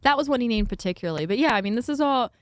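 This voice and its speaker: A woman's voice: a little high, animated, rapid-fire, no echo. A woman reporter appearing as a radio guest, explaining the news in a chatty, easygoing way from a studio. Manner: chatty, explanatory, with light laughs. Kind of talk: conversational news analysis. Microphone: close studio microphone.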